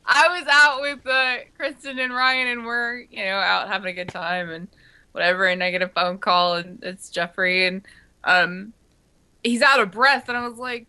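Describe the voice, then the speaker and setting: Bright-voiced woman telling a story. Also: fairly high pitch, normal speed, clear, resonant tone. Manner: lively storyteller, laughing often. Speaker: podcast co-host. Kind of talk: casual chat.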